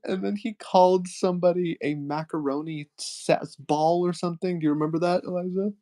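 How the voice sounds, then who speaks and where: A man's voice: high voice, steady tone, a little fast, warm tone. A young man chatting casually with a friend on stream, rambling through a story and giggling often.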